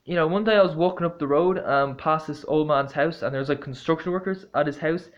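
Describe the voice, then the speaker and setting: This man talks fast in a fairly high voice as he vlogs a rambling, casual story packed with fillers and restarts. His tone is blunt and exasperated, with swearing throughout, and the recording sounds dull and lo-fi.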